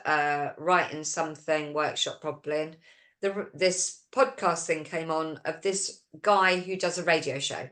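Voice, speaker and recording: A woman hosts a relaxed talk show and talks through a long story, voicing the lines of each person in it. Her voice sits fairly low for a woman. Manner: storytelling, retelling quoted dialogue; reads listener questions aloud. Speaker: host. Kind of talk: casual chat.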